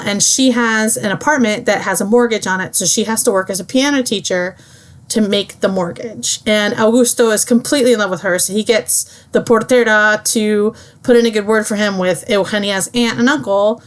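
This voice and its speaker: A young woman student giving a chatty, casual book summary, full of fillers. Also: mid-range voice. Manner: chatty, lots of fillers, breezy.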